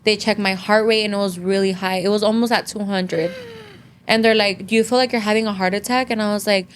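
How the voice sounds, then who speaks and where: Mixing Spanish and English with plenty of "like" fillers, a young woman appearing as a podcast guest recounts a story casually yet with earnest emotion, nearly in tears. She speaks briskly at medium pitch with fairly even intonation, and a little hiss or hum can be heard.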